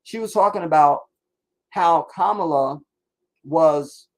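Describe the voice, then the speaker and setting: A man's voice: on the high side, slow. A man hosting a casual livestream, ranting and rambling with heavy profanity. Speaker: livestream host.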